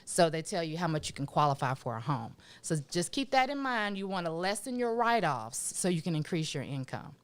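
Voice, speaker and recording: A woman's voice: on the low side, fairly quick, hardly any pauses, clean tone. A woman giving real estate tips on a podcast, upbeat and chatty. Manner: upbeat, whooping, lively interjections. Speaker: real estate agent and co-host. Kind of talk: casual podcast chat.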